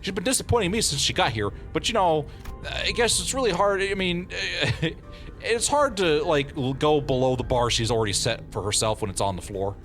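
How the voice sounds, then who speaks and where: A male streamer giving live game commentary, playful and quick to laugh, with lots of exclamations. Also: fairly high pitch, animated, a bit bright, soft background music.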